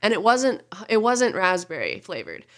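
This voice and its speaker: A woman from Montana in her thirties, co-hosting a casual chat, animated and swearing freely. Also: mid-range voice, moderate pace. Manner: animated, swears freely, acts out people in quoted voices.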